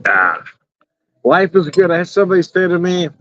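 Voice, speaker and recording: Middle-aged male vlogger, outspoken and profane, laughs a lot, lightly raised pitch, dull lo-fi audio. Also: sing-song, normal speed, pushed and bright. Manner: blunt and profane, chuckles often. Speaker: beer and whiskey reviewer. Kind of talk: casual rambling vlog. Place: outdoors in the evening. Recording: dull, slightly lo-fi and dry.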